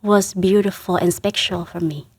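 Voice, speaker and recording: A woman from Vietnam, a Catholic sister, speaking in a halting, earnest way and laughing softly between phrases as an interview guest. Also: medium pitch, steady tone, husky, no room sound, clean studio sound. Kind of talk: casual interview.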